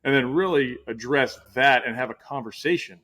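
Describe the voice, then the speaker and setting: A man's voice: medium pitch, moderate pace, sharp tone. A middle-aged man hosting a casual interview, talking in a rambling way with many restarts. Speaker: podcast host.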